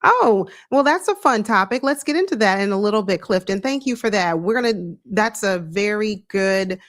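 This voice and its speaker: A woman hosting a sports live stream, greeting viewers by name in a relaxed, earnest chat. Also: mid-range voice, moderate pace.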